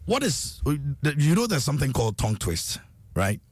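A man hosting a radio show, playful and chatty and quick to laugh. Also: mid-range voice, wildly swooping pitch, a little mellow, slightly rough, dry recording. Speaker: radio host. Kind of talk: lively radio banter. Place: radio studio.

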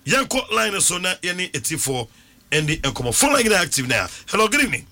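Male talk-radio host, slightly high voice, lively, brisk phone-in delivery. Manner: brisk, directive, repeats the call-in number.

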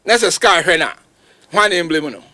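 A man with a Ghanaian accent giving emphatic, animated football commentary on a talk show, his voice jumping high at points of emphasis. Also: moderate pace, no echo. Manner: emphatic, animated, rising to sudden high outbursts. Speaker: football pundit. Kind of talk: radio sports talk, mixing Twi and English.

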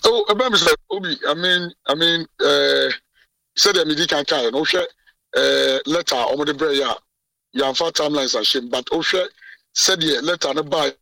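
A man's voice: fairly high pitch, moderate pace, gravelly, sharp tone, no echo. Emphatic Ghanaian man, far from the mic. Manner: code-switching, emphatic, frequent restarts. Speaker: president of a journalists' association. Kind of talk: radio interview.

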